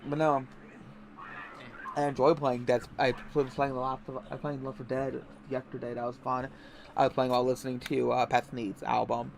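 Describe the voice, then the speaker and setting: A man's voice: medium pitch, level tone, moderate pace, gravelly, slight background noise. A man streaming a game, chatting casually with friends in a rambling, self-correcting, joking way. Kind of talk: casual gaming chat.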